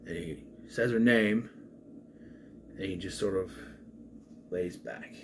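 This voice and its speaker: A man's voice: deep voice, slow, background noise. A man giving a casual, rambling spoken film review, with frequent restarts and asides. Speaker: movie reviewer.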